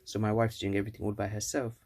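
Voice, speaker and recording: A man voicing a witty, calm male minister in a told fable, explaining himself patiently. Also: on the low side, racing.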